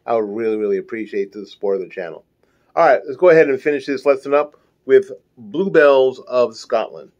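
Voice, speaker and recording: Guy teaching a music lesson online, chatty and encouraging, bit of a dull lo-fi sound. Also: medium pitch. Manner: chatty, encouraging, rambling asides.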